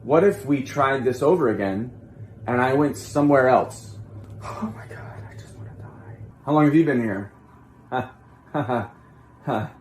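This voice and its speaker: A man playing a weary, awkward male politician in a comedy sketch, halting and mock-cheerful with despairing asides. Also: mid-range voice, a little hiss or hum, lightly acted. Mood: miserable awkward. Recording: roomy echo.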